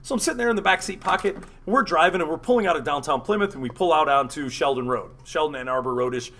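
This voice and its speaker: A man's voice: on the high side, quick pace, a bit bright. A man hosting a radio show, telling a rambling, profane story in casual chat. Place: studio.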